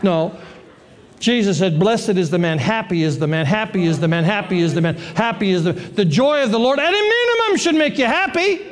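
A man preaching a sermon, animated and joking, acting out the voices of the people in the story. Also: sits high, a little fast. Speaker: pastor.

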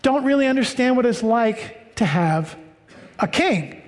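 An American man preaching a sermon, reading scripture and explaining it with slow, deliberate emphasis. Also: very high voice, animated, in a large hall. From United States. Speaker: pastor.

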